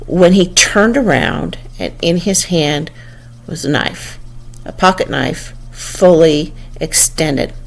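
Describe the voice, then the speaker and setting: A woman's voice: sits low, animated, takes it slowly, gravelly. An older woman telling a personal memory in a conversational way, often restarting and quoting dialogue. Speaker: storyteller. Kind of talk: personal storytelling.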